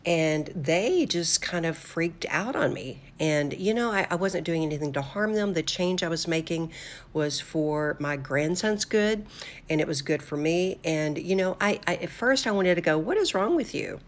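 Older woman, deep low voice, devotional talk host, earnest, chatty with restarts. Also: moderate pace. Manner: earnest and conversational, with fillers and restarts. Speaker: host of a faith talk show.

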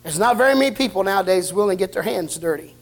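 A man's voice: sits high, lively intonation, racing. A man preaching a sermon in a church service, talking to his congregation. He tells it in a plain, folksy, down-to-earth storytelling way. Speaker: pastor.

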